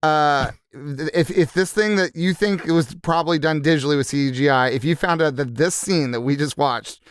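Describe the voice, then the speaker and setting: A man's voice: a little high, moderate pace, clear, resonant tone, no room sound, studio quality. A man co-hosting a podcast in casual comedic chat, riffing and building absurd bits. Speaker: podcast co-host.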